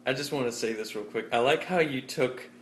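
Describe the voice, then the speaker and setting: A man's voice: medium pitch, fairly quick, a bit bright. A young man co-hosting a casual podcast, joking and teasing his brother. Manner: jokey, playful, teasing. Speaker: podcast co-host. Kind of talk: casual chat. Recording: echoey room, faint hiss.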